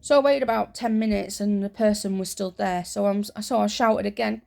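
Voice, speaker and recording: A soft-spoken woman rambles gently through stories for an ASMR chat, recorded close to the mic. Her voice has a gravelly edge of fry and sits at a middling pitch. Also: steady tone, moderate pace. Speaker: ASMR creator.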